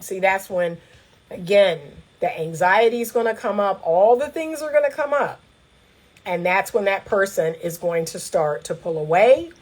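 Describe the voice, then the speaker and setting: A woman's voice: medium pitch, darkish tone, low-quality recording. A woman relationship coach giving direct, emphatic advice straight to the viewer, counting points off a list. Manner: acts out quoted speech in a raised voice.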